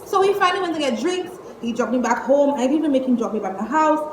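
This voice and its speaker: A young woman, telling a storytime vlog at home in an exasperated, animated way, cursing and using slang. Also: high voice, fast. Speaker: vlogger. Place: indoors at home. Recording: echoey room with faint noise.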